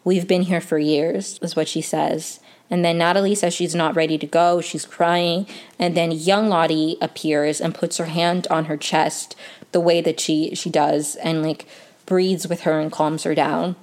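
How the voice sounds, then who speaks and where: A woman's voice: low voice, level tone, measured pace, darkish tone. A woman giving a casual, chatty TV episode recap, full of "um" and "like". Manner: chatty, many fillers like "um" and "like". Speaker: TV recap vlogger.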